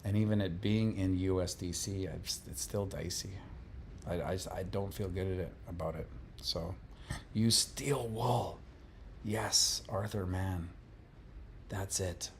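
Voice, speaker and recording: A man hosting a livestream, reading viewer comments in a relaxed, rambling casual chat. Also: low-pitched, a little slow, slight background noise. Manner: relaxed, rambling, laughs often. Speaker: livestream host.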